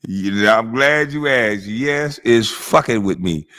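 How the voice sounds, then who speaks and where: A man's voice: lowish voice, expressive, slow pace, bright, forceful tone. A man streaming live who reacts to a clip with mocking, heavily profane commentary, laughing often.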